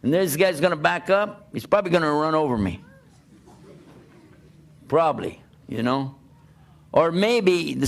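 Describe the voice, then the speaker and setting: An older man preaching through a personal story, animated, laughing and acting out the dialogue. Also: on the high side, normal speed, gravelly, pauses often. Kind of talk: storytelling talk.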